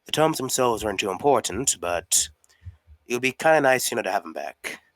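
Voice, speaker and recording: A man's voice: medium pitch, lively intonation, brisk, fairly bright tone, no echo. A man playing a character in a tabletop game, speaking politely and formally in character. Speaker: player. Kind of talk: in-character tabletop role-play.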